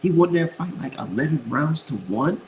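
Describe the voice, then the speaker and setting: A man's voice: a little high, expressive, moderate pace, a little hiss or hum, rough recording. A man giving casual boxing opinions in a blunt, profane, rambling way, repeating his points for emphasis. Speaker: boxing commentator.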